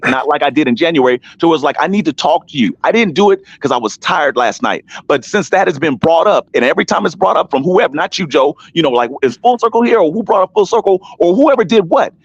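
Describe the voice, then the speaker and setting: Animated man with dull, dry sound. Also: on the high side, quick pace, few pauses, breathy edge, dry recording. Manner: emphatic, repetitive, addresses listeners by name. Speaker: panel guest on an online talk stream. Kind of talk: heated casual talk. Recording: dull dry stream audio.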